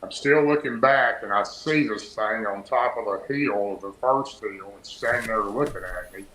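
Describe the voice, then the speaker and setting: Low, bright-toned man telling a story. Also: moderate pace, a little hiss or hum. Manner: rambling, breathless story with many "and"s. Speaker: podcast guest. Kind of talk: storytelling in a casual interview. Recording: roomy echo.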